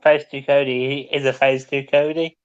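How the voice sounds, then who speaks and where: A man's voice: medium pitch, little pitch movement, moderate pace, clean tone, muffled recording. A man co-hosting a podcast in casual chat. He teases his co-host, chuckles often and drops in short remarks.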